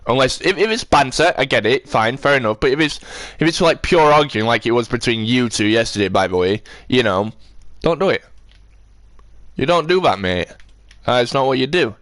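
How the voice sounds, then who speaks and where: A man's voice: mid-range voice, lively intonation, normal speed, fairly bright tone, no echo. A man chatting on a live stream, rambling and ranting as he answers his chat.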